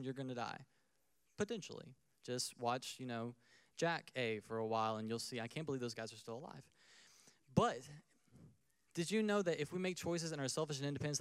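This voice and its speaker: Smooth-voiced man preaching casually. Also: medium pitch, no room sound. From United States. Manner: conversational preaching, acts out little scenes. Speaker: pastor. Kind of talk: sermon.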